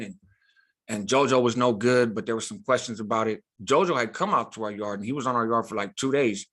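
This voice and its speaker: A man's voice: medium pitch, a bit bright. Man telling a prison story emphatically. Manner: emphatic, street slang, frequent "right?" asides. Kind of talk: casual storytelling.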